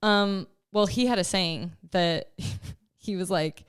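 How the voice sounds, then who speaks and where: A woman's voice: medium pitch, slow, smooth, no echo, clean studio sound. A young woman and life coach in a casual podcast chat, talking in a chatty, emotional way with frequent laughs.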